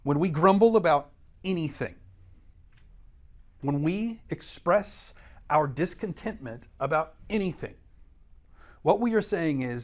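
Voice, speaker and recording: A man's voice: fairly high pitch, expressive, a little slow, long pauses. A man teaching an adult Bible study in a church, explaining scripture earnestly and pressing hard on key words. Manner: brief acted quotes of scripture figures. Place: church classroom.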